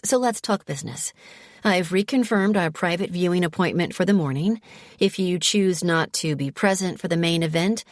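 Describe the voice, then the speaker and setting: A woman voicing an anxious young gallery owner who speaks in a flustered, hurried, pleading way. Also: on the low side, no room sound, studio quality, lightly acted.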